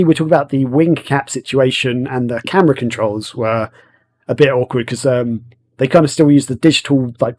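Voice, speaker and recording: A man's voice: medium pitch, a little mellow. A man with an English accent, hosting a casual podcast chat, rambling with many fillers. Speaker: podcast host.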